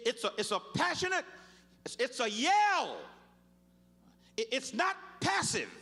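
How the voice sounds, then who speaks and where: Male pastor, sermon delivery, very high bright voice, lively swings, escalates to shouting with stacked repetitions. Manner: builds from low measured teaching to loud shouting preaching; repeats words and restarts phrases for emphasis. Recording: live church sermon.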